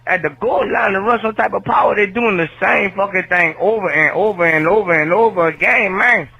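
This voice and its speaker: A man's voice: sits high, brisk, creaky, sharp tone, breathy edge, low-quality recording. A man calling in to a podcast, venting in a fed-up, cursing drawl. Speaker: caller. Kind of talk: fan call-in rant.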